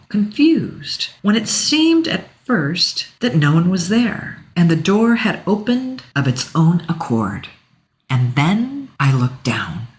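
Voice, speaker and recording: A woman narrating a first-person romance audiobook in an expressive, emotional reading. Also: on the low side.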